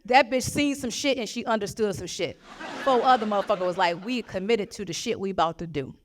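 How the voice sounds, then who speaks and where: A young adult woman doing stand-up comedy, telling profane stories in a loud, animated way and acting out the people she quotes. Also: mid-range voice, fairly quick, a little hiss or hum.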